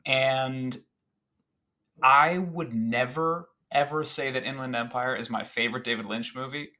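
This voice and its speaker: Podcast guest, male, mid-range voice, talks in an excited, rambling stream full of fillers. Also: medium pitch, unhurried. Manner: animated, rambling with fillers and restarts. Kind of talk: casual chat recounting a favorite film scene.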